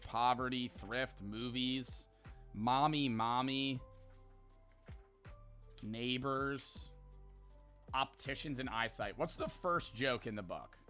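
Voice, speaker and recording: A man's voice: medium pitch, sharp tone. A man streaming, reading jokes aloud from a book and chatting about them with small laughs.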